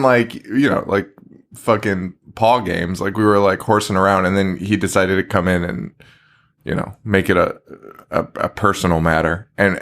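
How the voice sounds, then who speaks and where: A man's voice: fairly low pitch, fairly bright tone. A man co-hosting a horror movie podcast, telling a rowdy party story in casual chat and swearing constantly. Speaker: podcast co-host. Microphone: remote recording.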